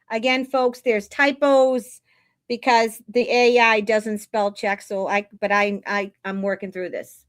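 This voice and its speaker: A woman's voice: medium pitch, flat delivery, unhurried, no echo. Woman, Boston accent, tarot reader, emphatic and upbeat, dry close sound. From Boston area. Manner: emphatic, exclamatory, upbeat preaching tone. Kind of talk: spiritual reading talk to viewers.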